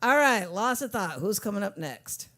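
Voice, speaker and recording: A woman from Texas hosts an open mic night in a coffee shop. Her pitch swings widely as she talks in a lively, animated way, chatting casually between performers. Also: normal speed. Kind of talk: casual emcee talk.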